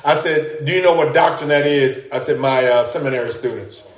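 A man preaching a sermon in an animated way, often rising high for emphasis and repeating his words. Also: a little fast, echoey room.

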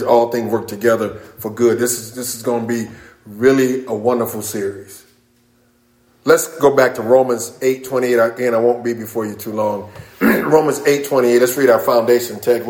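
A middle-aged man preaching a sermon as pastor, emphatic and calling out amens, rising at times to shouts. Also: medium pitch. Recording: echoey room.

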